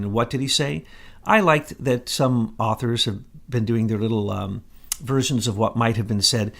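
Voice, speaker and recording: A man's voice: mid-range voice, creaky, fairly bright tone. A man co-hosting a political talk show, talking confidently in sweeping, conspiratorial claims. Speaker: co-host.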